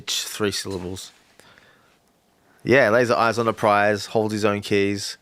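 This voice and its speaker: A man's voice: lowish voice, slow pace, long pauses, fairly bright tone, no room sound. A man hosting a casual livestream who brainstorms rap lyrics aloud, muttering and repeating lines as he works them out. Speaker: livestream host and rapper.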